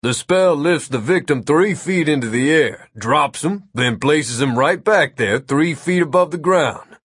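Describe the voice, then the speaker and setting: A man's voice: a little high, expressive, a little slow, a bit bright, husky, dry recording, studio quality, pitched above the performer's own voice, heavily acted. A man voicing a smug male wizard who explains his prank spell in a mocking, lecturing way.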